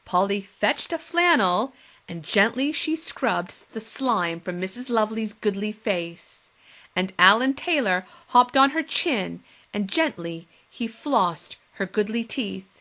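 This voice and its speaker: A woman teacher reading a storybook aloud to her class with expressive, lively delivery. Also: mid-range voice, takes it slowly.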